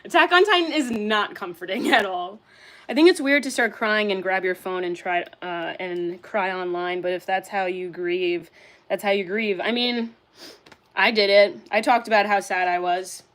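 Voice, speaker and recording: A woman's voice: medium pitch, moderate pace, a bit bright. A young woman casually chatting on a livestream, reading out and answering chat, candid, swearing and laughing often.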